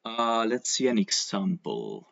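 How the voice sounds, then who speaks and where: A man whose first language is Spanish teaches English over a video call. He explains patiently with examples and drawn-out pronunciation. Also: on the low side, sing-song, vocal fry, fairly bright tone, dry recording, lo-fi sound. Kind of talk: online English lesson.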